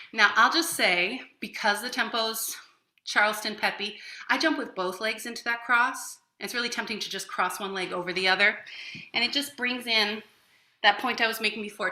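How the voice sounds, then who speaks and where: A woman's voice: medium pitch, sharp tone, recorded from a distance. A woman teaching a livestreamed dance class, counting and scatting rhythms as she dances and talking between sets with encouragement, a little out of breath. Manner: counts and scats rhythms aloud while dancing. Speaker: dance instructor. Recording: echoey room, voice from off-mic.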